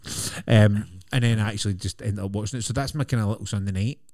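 A man's voice: fairly low pitch, fast talker, darkish tone, no echo, clean studio sound. A man, co-hosting a podcast in easygoing, chatty talk. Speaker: podcast co-host. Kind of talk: casual chat.

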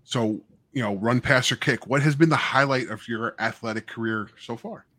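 A man's voice: mid-range voice, moderate pace, a bit bright, no room sound. Rambling man co-host, dry sound. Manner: rambling, many restarts. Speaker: podcast co-host. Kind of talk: casual podcast chat.

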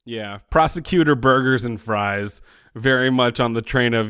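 A man's voice: mid-range voice, normal speed, fairly bright tone, clear, resonant tone. A man co-hosting a podcast, trading wry, teasing banter while recapping a TV episode. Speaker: podcast co-host. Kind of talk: casual chat, episode recap.

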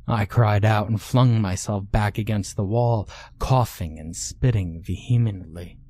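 Male horror narrator, low voice, unhurried, hushed. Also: a little hiss or hum. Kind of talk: scripted horror story narration.

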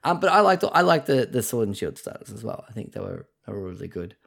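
A man co-hosting a casual video game podcast, talking in an animated way and swearing freely. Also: on the low side, quick pace, vocal fry, slightly rough. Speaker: podcast co-host. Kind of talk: casual chat about video games.

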